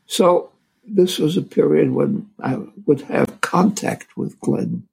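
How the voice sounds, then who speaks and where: An older man, a physician, telling a story from his career in a halting, casual way. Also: on the high side, vocal fry, breathy edge, poor audio. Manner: halting, full of restarts and fillers.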